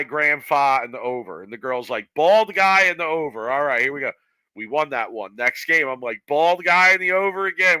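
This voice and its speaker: Bright, lively storytelling man. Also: mid-range voice, no room sound, poor audio. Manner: animated storyteller, acts out quoted voices. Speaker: podcast co-host. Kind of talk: casual storytelling chat.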